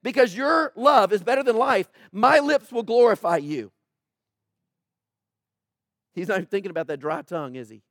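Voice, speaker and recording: A man with a notably high voice preaches a sermon, rising into loud emphatic bursts and acting out prayers in character. The sound is dry and close, with little room around it. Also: animated, moderate pace, long pauses, no echo. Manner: acts out prayers and quoted speech. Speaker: pastor.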